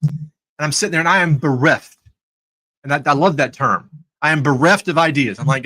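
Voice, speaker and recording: A man's voice: fairly high pitch, fairly quick, bright, forceful tone, low-quality recording. An American man hosting a live talk, telling stories in a sarcastic, conversational way. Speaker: host. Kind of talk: live talk on faith and trading.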